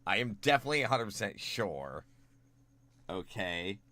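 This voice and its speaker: A young man streaming from home, chatting casually with viewers while drawing, swinging between quiet mumbles and loud excited greetings. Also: fairly low pitch, normal speed.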